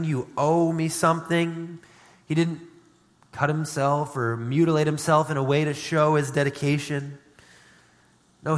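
A man's voice: on the high side, fairly bright tone. A man preaching a sermon in an earnest, conversational way, reading scripture aloud between his own remarks. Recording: long hall reverb.

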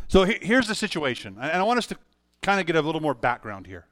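A middle-aged pastor preaching a sermon, telling a personal story earnestly with frequent restarts. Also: male voice, a little high, big pitch swings, fast, fairly bright tone, no echo, clean studio sound.

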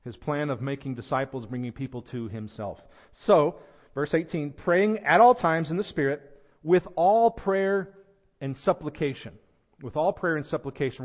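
Emphatic pastor preaching, lo-fi. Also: male voice, mid-range voice. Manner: emphatic, slows and lifts voice on scripture quotes, drops quiet at phrase ends. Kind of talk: sermon. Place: church sanctuary.

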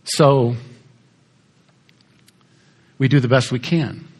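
A man's voice: medium pitch, fairly even intonation, very slow, a little mellow, husky. A male pastor preaching a sermon in a conversational storytelling way, putting questions to the congregation.

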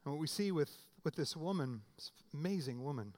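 A man with a somewhat high voice preaching a sermon in a relaxed, conversational way. He often restarts his phrases and then jumps up in pitch to stress a point. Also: brisk. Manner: conversational preaching with restarts and sudden emphatic rises. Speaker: pastor.

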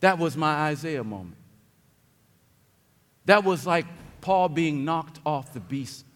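A man's voice: lively intonation, slow. Preaching man in a reverberant church. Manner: swings from quiet low reflection to loud emphatic preaching. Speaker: pastor. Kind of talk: sermon. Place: church sanctuary. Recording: long hall reverb.

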